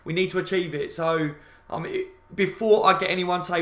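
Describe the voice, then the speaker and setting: Angry ranting football fan, echoey room. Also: male voice, high-pitched, steady tone, a little fast, a bit bright. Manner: angry, sweary, repetitive ranting; addresses viewers as guys, reads out chat comments. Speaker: football fan channel host. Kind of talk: live fan reaction rant.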